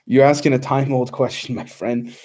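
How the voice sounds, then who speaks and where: A man's voice: mid-range voice, fairly even intonation, moderate pace, darkish tone. A young man hosting a casual livestream, reading out chat questions and answering in a loose, rambling way with many fillers.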